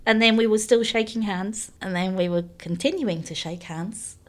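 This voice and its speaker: A woman's voice: medium pitch, moderate pace. A woman, animatedly telling a story in casual chat and laughing often.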